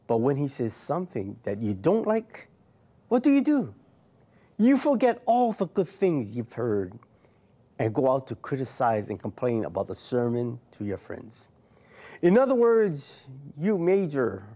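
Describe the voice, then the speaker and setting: A man's voice: fairly high pitch, mellow. A middle-aged man giving a sermon, preaching with swooping rises and falls. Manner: preachy, swooping rise and fall.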